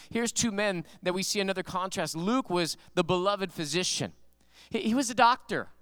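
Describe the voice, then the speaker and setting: A male pastor preaching a sermon, animated and conversational, telling stories with emphatic rises in his voice. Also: high-pitched, moderate pace, smooth, dry recording.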